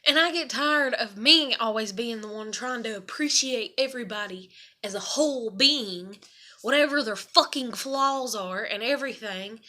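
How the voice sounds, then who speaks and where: A woman's voice: on the high side, sharp tone. A woman talking to camera at home in a casual, rambling confessional monologue, swearing freely and filling her speech with "you know" and "like.". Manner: rambling and profane, many fillers. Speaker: vlogger. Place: her own apartment.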